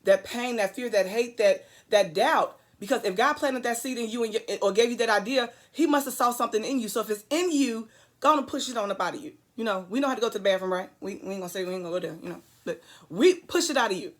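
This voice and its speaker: A woman's voice: on the high side, fast talker. A woman giving an earnest, preachy motivational talk to camera, hammering points home with repetition and drifting into rambling asides. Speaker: vlogger.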